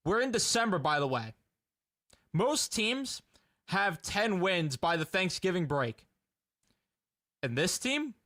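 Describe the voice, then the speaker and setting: A man's voice: sits high, big pitch swings, slow pace, pauses often, a bit bright. A young man ranting in a casual fan reaction video, exasperated and laughing in disbelief.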